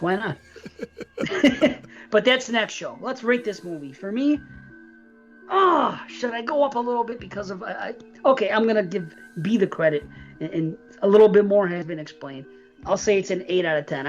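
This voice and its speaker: A woman's voice: medium pitch, lively intonation, a little fast, highs cut off, soft background music. A woman co-hosting a podcast in casual chat, blunt and swearing freely, laughing often. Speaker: podcast co-host.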